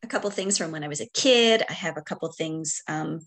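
A middle-aged woman, a podcast guest, speaking in a reflective, unhurried way, with frequent fillers and light laughter. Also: low voice, fairly bright tone. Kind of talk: casual conversation.

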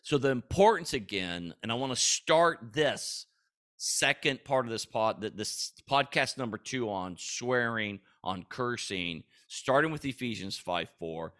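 This man hosts a faith podcast and talks in a middle-pitched voice. His delivery is casual and earnest. He rambles, repeats himself and restarts his sentences, and he bursts into animation now and then. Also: animated, unhurried, fairly bright tone. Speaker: podcast host. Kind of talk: casual Christian podcast teaching.

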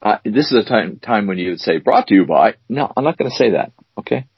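A man co-hosting a casual chat show, teasing his co-host and reading word definitions out slowly. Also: fairly low pitch, lively intonation, slightly rough, dry recording. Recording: dull dry lo-fi recording.

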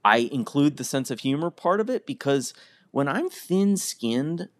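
A man's voice: on the high side, lively intonation, unhurried. A man hosting a podcast, telling a personal story in a candid, self-deprecating, conversational way. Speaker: podcast host. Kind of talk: personal monologue.

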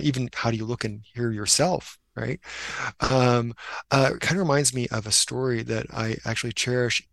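Gravelly man telling a reflective story. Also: medium pitch, no echo. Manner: earnest, slowing down for emphasis. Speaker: guest, Christian minister and writer.

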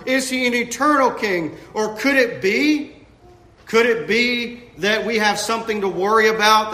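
Male pastor, slow deliberate sermon delivery, bright high voice, echoey church room. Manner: emphatic preaching, rising and dropping to a hush. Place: church sanctuary.

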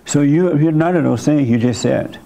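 A man's voice: on the high side, normal speed, creaky, mellow. An older man, hosting a church meeting and giving blunt, folksy spiritual advice to a member, chuckling now and then. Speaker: host and church leader. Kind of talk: counseling a congregation member.

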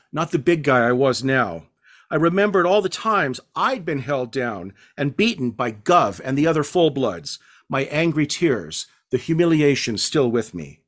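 A male author reading his novel aloud as measured, hard-edged first-person narration. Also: medium pitch, a bit bright.

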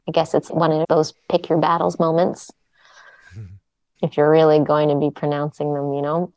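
A woman's voice: low-pitched, little pitch movement, moderate pace, a little mellow, no echo, highs cut off. A woman, a yoga teacher guest, chatting casually in an interview and telling stories with lots of "like"s and restarts. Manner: chatty storyteller, many "like"s and restarts.

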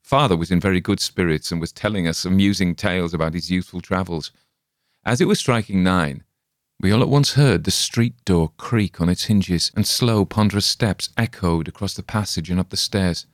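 A man narrating a gothic story in a measured, dramatic reading. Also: sits low, no room sound, studio quality. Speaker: audiobook narrator. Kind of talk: scripted narration.

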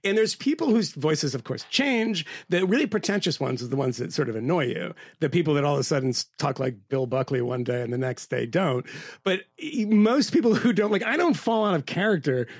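Male podcast co-host: faint Mid-Atlantic lilt, gravelly, wry and self-mocking, dry studio sound. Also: fairly high pitch, big pitch swings, brisk, no room sound. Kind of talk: casual panel chat.

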